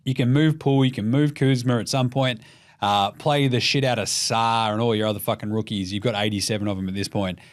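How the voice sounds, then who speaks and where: An Australian man hosting a casual basketball podcast, swearing freely and putting on quick voices for jokes. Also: fairly low pitch. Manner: animated, profane, mimics voices for jokes. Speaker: podcast host.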